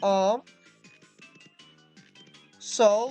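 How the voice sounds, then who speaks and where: A woman's voice: medium pitch, very animated, normal speed, faint music behind. A young woman giving casual, chatty commentary over a video game, with lots of fillers and giggly asides. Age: young adult. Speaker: let's play host.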